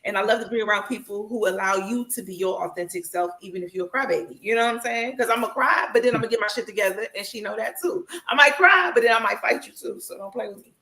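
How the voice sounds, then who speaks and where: Bright forceful woman on a podcast, swears a lot, does voices when quoting people, echoey. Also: medium pitch, fast talker, hardly any pauses. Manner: emotional, expressive, swears freely; quotes people in animated voices. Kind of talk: casual podcast chat.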